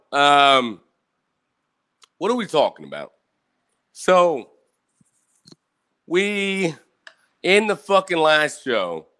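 A man's voice: a little high, sharp tone. Swearing man ranting on a livestream. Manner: swears constantly, asks "right?" after each point. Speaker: host of a live online show. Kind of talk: angry profane livestream rant. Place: indoor room with bright light and a fan.

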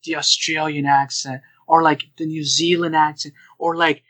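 A man's voice: on the high side, normal speed, no room sound, low-quality recording. A young man co-hosting a casual podcast, telling stories with lots of quoted asides. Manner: animated storyteller who slips into quoted voices. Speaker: podcast co-host.

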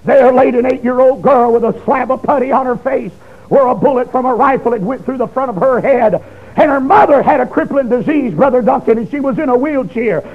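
A man preaching his testimony, emotional, swinging from shouts down to hushed low tones. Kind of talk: fiery testimony sermon. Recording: dull lo-fi recording.

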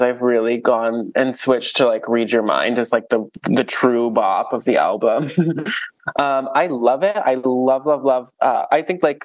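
Man, podcast co-host, casual chat, animated, laughs a lot, medium pitch. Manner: animated, laughs often, many fillers. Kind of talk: casual chat reviewing an album.

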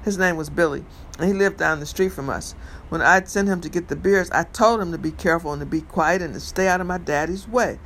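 A man reading a first-person novel aloud in a measured storytelling manner, with occasional stumbles over words. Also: a little high, fairly bright tone, slight background noise, rough recording. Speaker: reader.

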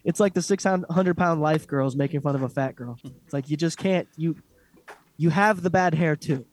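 A man's voice: fairly high pitch, moderate pace. A man co-hosting a casual fight recap chat, ranting bluntly and swearing a lot. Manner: blunt, profane, animated ranting. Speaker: podcast co-host.

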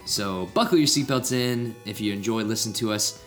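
A man's voice: fairly low pitch, brisk, a bit bright, faint music behind. A young man hosting a casual podcast, chatty and laid-back, rambling a little. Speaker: podcast host.

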